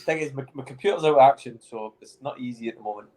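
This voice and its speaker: A man's voice: mid-range voice, fast, warm tone. A Scottish man hosting a casual podcast chat, teasing his co-host with banter. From Scotland.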